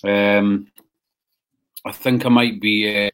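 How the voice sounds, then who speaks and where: Casting: male livestream host, lowish voice, loose sweary banter. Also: level tone, takes it slowly, a bit bright. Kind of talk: casual livestream chat.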